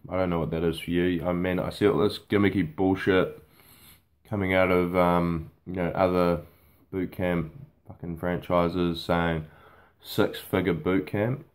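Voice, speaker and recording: A man's voice: sits low, little pitch movement, moderate pace. A man, a boot camp fitness trainer, talking off the cuff to camera in a blunt, casual way and swearing freely. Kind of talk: unscripted talk to camera.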